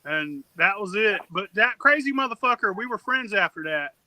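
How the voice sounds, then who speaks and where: A man's voice: sits high, expressive, normal speed, pushed and bright, a little hiss or hum, poor audio. A man telling a long, rambling, profane story on a casual podcast.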